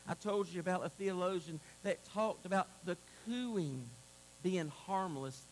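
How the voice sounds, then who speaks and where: A man preaching a sermon to a congregation, moving between loud exclamations and a hushed altar call. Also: high-pitched, measured pace, slight background noise, rough recording. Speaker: pastor. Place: church sanctuary.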